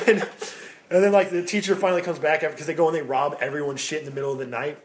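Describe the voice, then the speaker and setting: A man's voice: on the high side, steady tone, racing, slight background noise. A man from the American Midwest co-hosting a podcast, telling long stories in casual chat, swearing and laughing as he goes. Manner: rambling storyteller, swears, laughs while telling. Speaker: podcast co-host.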